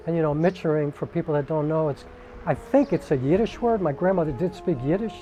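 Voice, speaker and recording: A man's voice: on the high side, expressive, a little fast, mellow, faint music behind. A man from the New York area, a singer, telling a personal family story in a conversational way, with frequent "um" and "like". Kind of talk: casual personal storytelling to camera.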